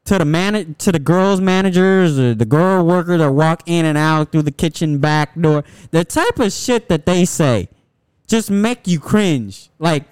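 Smooth-voiced young man, casual podcast host. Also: a little high, animated, unhurried, darkish tone, no room sound, clean studio sound. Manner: rambling, profane, lots of restarts.

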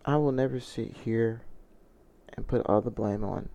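A man's voice: medium pitch, measured pace, vocal fry, mellow, dull audio. A man telling a personal story in a confessional vlog, earnest and reflective, often restarting his sentences. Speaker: vlogger.

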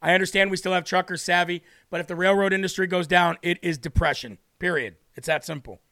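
A man hosting a talk show, ranting loudly and emphatically through political commentary with indignant outbursts. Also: high-pitched, steady tone, quick pace.

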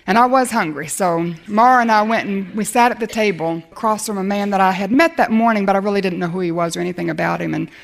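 A woman's voice: mid-range voice, fast talker, gravelly, few pauses. An older woman preaching and telling a personal story, acting out the dialogue and laughing often. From America. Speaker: speaker telling a personal testimony. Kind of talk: sermon storytelling.

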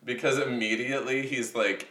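A man's voice: mid-range voice, fairly even intonation, normal speed, pushed and bright. A man in casual chat, laughing often and slipping into funny impressions of movie characters. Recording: echoey room, a bit far from the mic.

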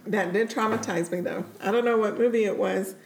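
A woman's voice: medium pitch, steady tone, brisk, echoey room, slight background noise, low-quality recording. A woman in a casual chat, earnestly recalling something that upset her.

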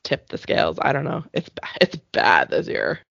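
A Canadian woman in her thirties co-hosting a podcast, telling stories in a casual, animated way with frequent laughter, sounding congested from allergies. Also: a bass voice, normal speed, gravelly, no room sound, muffled recording. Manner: animated storytelling, laughs often. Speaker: podcast co-host. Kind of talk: casual chat.

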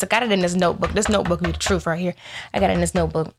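A woman vlogger in casual faith talk to her viewers, telling animated stories in which she acts out both her own lines and God's replies, with playful asides. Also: lowish voice, very fast.

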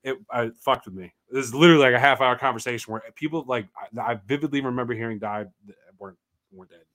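A man's voice: mid-range voice, fast. Emphatic, profane man in casual chat. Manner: animated, profane, emphatic storytelling. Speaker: podcast co-host.

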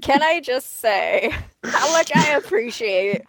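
A woman co-hosting a podcast from home over an online call, talking slowly and unhurriedly in loose, crude banter. Her voice is dry and close, with no room sound around it. She laughs easily between remarks. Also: a little high, animated, gravelly, no room sound, poor audio. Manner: crude, joking, laughs often. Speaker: podcast co-host. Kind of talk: casual chat.

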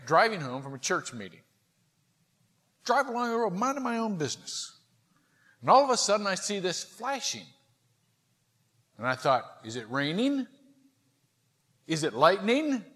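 A middle-aged male pastor preaching a sermon, telling a story in an animated, self-mocking way. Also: fairly high pitch, moderate pace, pauses often. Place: large church sanctuary. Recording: reverberant church sanctuary.

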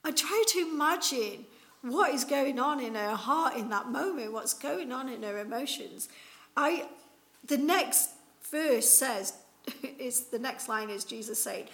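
A woman's voice: sits high, lively intonation, unhurried, a bit bright. A woman preaching an informal Easter sermon, retelling the story in a chatty way with many fillers.

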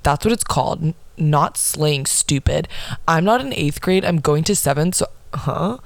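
A woman's voice: sits low, expressive, normal speed, no room sound. A young woman hosting a casual podcast, reading old posts aloud in a sassy, profane manner and laughing at her past self. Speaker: podcast host.

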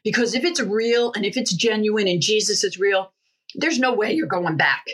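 Husky-voiced woman sharing earnest testimony. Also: medium pitch, normal speed, a bit bright. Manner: earnest, fervent, many restarts. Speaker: guest, healing ministry co-founder. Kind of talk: personal testimony in an interview.

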